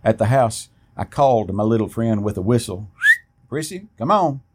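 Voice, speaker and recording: A man reading a first-person story aloud in a plain, steady way, with an occasional restart. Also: on the low side, brisk.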